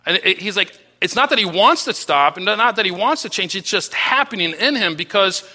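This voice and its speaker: A man preaching with a very bright, ringing tone that sits high in his register. He talks earnestly with many restarts, and his voice sinks low and soft to stress key phrases. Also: expressive, normal speed. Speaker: pastor. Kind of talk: sermon.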